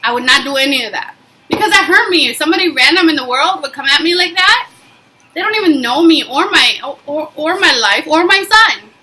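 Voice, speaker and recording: This is a vlog in which a young woman with a high-pitched voice recounts something personal at a slightly fast clip. She tells it casually and emphatically, with lively energy and plenty of fillers. Slight background noise sits under a low-quality recording.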